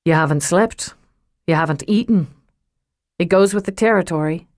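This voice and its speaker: Suave rich man, read by a woman, faint Irish lilt, amused and unhurried, low and dry. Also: darkish tone, no room sound, natural voice. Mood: amused, smooth. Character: suave wealthy man, teasing and self-assured. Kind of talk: audiobook character reading.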